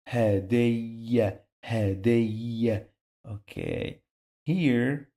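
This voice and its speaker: A man teaching a spelling lesson, slowly repeating each sound syllable by syllable. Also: lowish voice, vocal fry, dark tone. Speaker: Arabic teacher.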